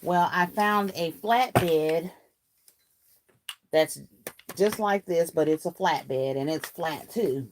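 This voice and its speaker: A woman's voice: lowish voice, slow pace, pauses often, slight background noise. A woman hosting a casual crafting livestream. She reads viewer comments aloud and greets viewers by name in a chatty, folksy way, laughing often.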